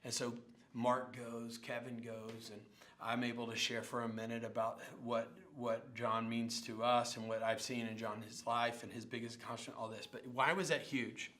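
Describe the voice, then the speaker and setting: Middle-aged man, pastor, lively storyteller, bright forceful voice. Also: medium pitch, normal speed. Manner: animated storyteller, acts out quotes and sounds. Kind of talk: sermon storytelling.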